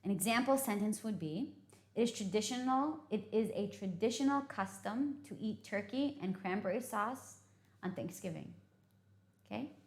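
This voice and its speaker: With an expressive, mid-range voice at normal speed, a woman from the United States walks through English vocabulary. Her teaching is patient, peppered with check-ins of "okay?", and the room sounds echoey.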